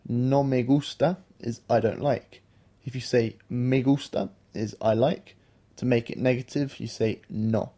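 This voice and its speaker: Male podcast teacher, patient and explanatory, mellow low-key tone. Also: fairly even intonation, unhurried. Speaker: language teacher, podcast co-host. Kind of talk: explaining a beginner language lesson.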